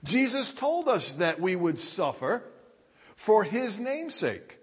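A man with a high voice preaching a sermon, unhurried and measured as he works through scripture. His words ring out with a long reverb, as if recorded in a large hall. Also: big pitch swings, husky. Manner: deliberate preaching, reading scripture aloud. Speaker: pastor.

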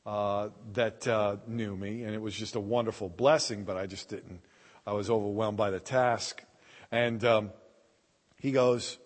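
Pastor preaching in a reverberant hall. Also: male voice, medium pitch. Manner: warm storytelling with many restarts and fillers. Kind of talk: sermon. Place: church sanctuary.

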